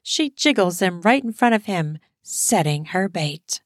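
A woman narrates an erotic audio story in a steady, explicit storytelling manner. Her voice sits close to the mic with a dry, dead sound. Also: fairly low pitch, measured pace, no room sound.

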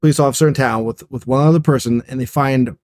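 A man's voice: medium pitch, fast, darkish tone, dry recording. A man co-hosting a horror movie podcast in casual chat, blunt and exasperated, swearing as he rants. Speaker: podcast co-host.

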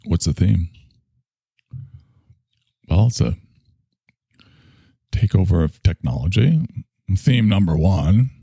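A man in his sixties hosting a rambling solo monologue, drifting from joke to tangent with crude humor. His voice is very low, gravelly and husky. The recording is dry and close. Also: warm tone, no echo. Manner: digressive, crude and joking, trails off.

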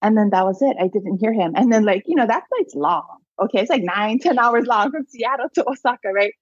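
A woman interview guest, a coach, telling personal stories in a lively, chatty way with lots of "like" and laughter. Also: fairly high pitch, fairly quick, husky, no room sound, dull audio. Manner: animated storyteller, many "like"s and laughs. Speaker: guest, abundance mindset coach. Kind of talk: casual storytelling interview.

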